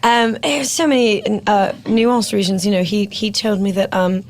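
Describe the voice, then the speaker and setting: A woman's voice: mid-range voice, steady tone, moderate pace, natural voice. A woman improvising a posh English actress with a put-on upper-class accent on a comedy podcast. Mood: breezy. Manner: breezy improvised storytelling. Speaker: guest.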